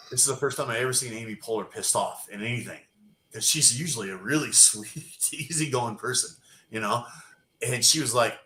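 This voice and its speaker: A man tells a swear-filled story with big energy, his voice bright and forceful. The sound carries a roomy echo around him. He chats casually, the way a podcast guest does. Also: medium pitch, a little fast. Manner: profane, animated anecdote-telling with laughs.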